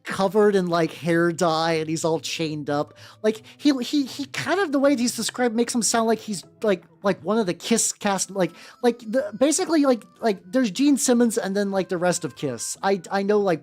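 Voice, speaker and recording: A woman's voice: fairly low pitch, darkish tone. A woman chatting casually on a live stream while painting miniatures, rambling with lots of fillers and casual swearing. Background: faint background music.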